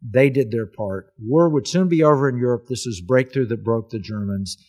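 A man's voice: medium pitch, moderate pace, darkish tone. A man hosting a casual talk, telling a history story in an earnest, emphatic way.

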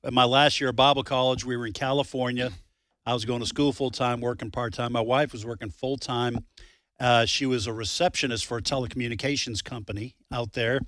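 Male radio co-host, ringing bright tone, close dry studio mic, lively storyteller. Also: medium pitch, a little fast, dry recording. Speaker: radio talk show co-host. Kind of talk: casual on-air banter and storytelling. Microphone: studio microphone.

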